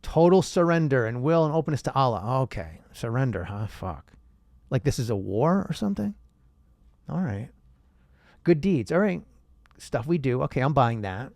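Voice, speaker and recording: An animated man delivering a rhetorical monologue straight to his viewers, his pitch swinging widely. The sound is dry and close. He throws in an occasional curse word. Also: normal speed, no echo. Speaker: host. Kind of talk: casual monologue.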